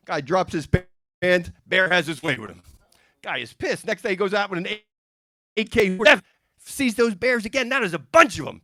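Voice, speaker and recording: A man doing stand-up comedy, rattling off one joke after another and dipping into quick character voices. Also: sits high, sing-song, fairly bright tone, dry recording, studio quality. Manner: rapid-fire joke delivery with character voices. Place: music and arts center stage.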